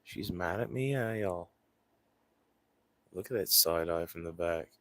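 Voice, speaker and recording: A man's voice: low voice, measured pace, a bit bright. A man hosting a casual livestream, rambling to his viewers and cooing at his pets. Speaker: livestream host.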